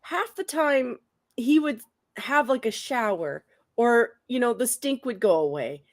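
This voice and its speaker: Woman co-host, casual chat, lively swooping pitch, higher voice, laughs a lot. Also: measured pace. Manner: animated, chatty, laughs often. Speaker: show co-host.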